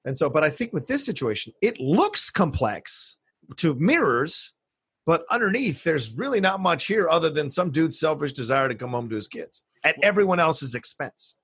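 A man co-hosting a casual film discussion podcast, emphatic and quick to chime in. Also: on the high side, very animated, a bit bright, breathy edge, no room sound, studio quality. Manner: emphatic, quick agreeing interjections. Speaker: podcast co-host.

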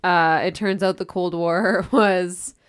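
Female podcast co-host, lower-pitched, chatty, laughs often, lots of fillers. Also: fairly even intonation, slow pace, clean tone. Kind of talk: casual history podcast chat.

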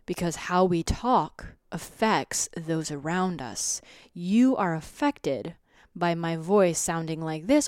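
A young adult woman hosting a solo podcast, talking slowly and steadily, at times sinking into soft half-whispers. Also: sits low, no echo, studio quality. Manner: slow, grounded, drifting into soft half-whispers. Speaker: podcast host. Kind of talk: reflective solo podcast talk.

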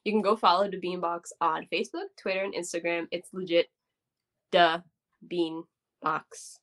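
A woman's voice: on the low side, fairly even intonation, normal speed, a bit bright. A woman co-hosting a podcast in casual chat, emphatic and repeating phrases for effect. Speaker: podcast co-host.

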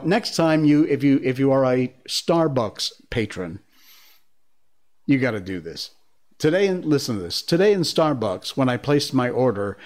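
A man hosting a live stream, reacting to clips and telling stories in a rambling, excitable way with frequent laughs. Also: mid-range voice. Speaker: livestream host. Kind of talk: casual live-stream commentary.

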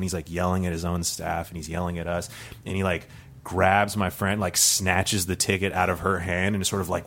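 A man with a low voice tells a true story as a guest on a comedy podcast. He rambles, piles on fillers and restarts, and keeps laughing at his own tale. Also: steady tone, fairly quick, a bit bright.

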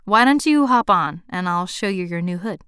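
A man's voice: high-pitched, expressive, normal speed, bright, forceful tone, clean tone, no echo, studio quality. Woman voicing a teasing young Boston man. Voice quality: teasing, playful.

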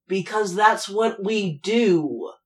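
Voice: mid-range voice, slow pace. A player in a tabletop game, speaking eagerly and playfully.

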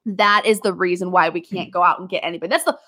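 A woman's voice: lowish voice, steady tone, fast, a bit bright. Exasperated ranting woman sports fan. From Minnesota. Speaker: podcast guest. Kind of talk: casual sports chat.

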